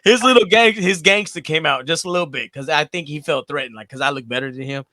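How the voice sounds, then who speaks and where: A man's voice: a little high, fast talker, no echo, studio quality. A man in his forties co-hosting a casual chat, telling boisterous, profane stories. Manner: loud, profane, boisterous storytelling. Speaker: co-host.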